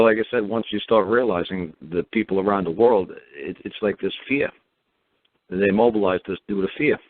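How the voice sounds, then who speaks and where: Deep-voiced sarcastic man on a phone line. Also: no echo. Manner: sarcastic, mocking; meandering, with frequent repeats and fillers. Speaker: talk show host. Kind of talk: rambling monologue. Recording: narrow phone-like sound, dry.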